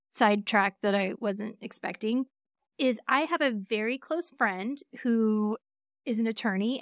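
A woman's voice: on the high side, dry recording, clean studio sound. A woman attorney hosting a podcast in casual chat, with a faint Southern accent. She laughs easily and keeps steering her co-host back on track.

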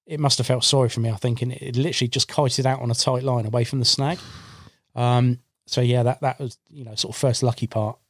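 On a studio mic, a podcast guest who fishes for carp tells a casual story about a fishing trip, animatedly acting out the lines he said back then. His mid-pitched voice comes across dry and close with no room echo, and he talks a little fast.

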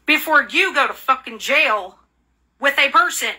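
A woman's voice: high voice, animated, a little slow, sharp tone. A woman in an angry, profane rant, hurling repeated insults and accusations. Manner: furious, profane, repetitive insults; bitter, accusing.

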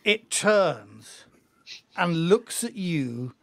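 A man's voice: high voice, animated, extremely slow, vocal fry, a bit bright, no echo. A man narrating as game master in a tabletop game, with a hesitant, restarting delivery. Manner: hesitant, full of ums and restarts.

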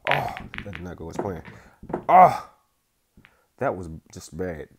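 A young man giving casual gameplay commentary, using slang and swinging between hushed focus and loud outbursts. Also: low-pitched, steady tone, a little fast, heavy background noise. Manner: casual slang, says bro and y'all. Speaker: gaming YouTuber.

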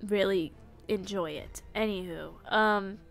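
A woman's voice: medium pitch, slow pace, vocal fry, soft background music. A young woman streaming a game live, playful and dramatic, swinging from mock-solemn to giddy squeals.

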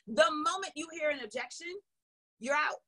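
A woman sales coach giving an energetic, emphatic motivational training talk. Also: high-pitched, moderate pace. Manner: energetic, emphatic, acts out little dialogues.

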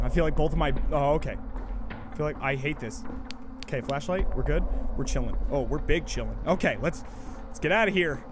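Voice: mid-range voice, lively intonation, normal speed. Panicky, swearing horror game streamer. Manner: panicky, swearing, muttering reassurances to self. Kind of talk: live horror game commentary. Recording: noisy game ambience behind.

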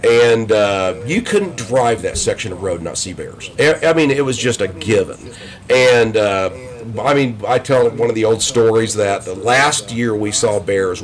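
A middle-aged man telling stories in a casual podcast interview, rambling and animated, with frequent restarts. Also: fairly low pitch. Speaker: guest.

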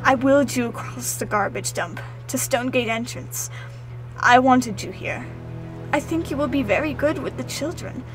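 A woman voicing a kind, wise elderly caretaker who speaks in a gentle, knowing way. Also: high-pitched, normal speed, over music, lightly acted, poor audio.

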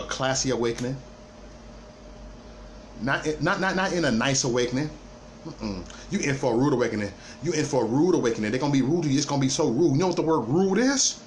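A man ranting through a livestream monologue. His pitch swings widely as he hammers points home and stammers over restarts. A faint hiss of noise sits under the voice. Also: fairly bright tone. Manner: emphatic, repetitive, stammering restarts. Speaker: livestream host.

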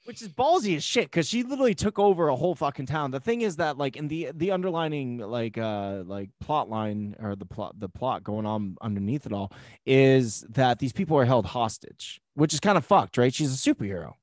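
Man co-host, eager fan chatter, mid pitch, dry mic. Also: expressive, a little fast, a little mellow, no echo. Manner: swearing, enthusiastic fan talk. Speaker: podcast co-host. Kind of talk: casual chat.

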